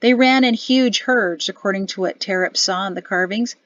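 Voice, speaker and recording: A woman's voice: mid-range voice, normal speed, no room sound, muffled recording, close to an everyday voice. A woman reading an audiobook, voicing a grumbling middle-aged army officer father with a sulky, sardonic manner.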